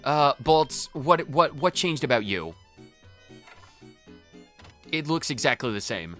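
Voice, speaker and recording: A man's voice: medium pitch, very animated, takes it slowly, fairly bright tone, faint music behind. A man ranting in exasperation as he role-plays his character while playing a game. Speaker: let's play streamer. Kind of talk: in-character role-play commentary.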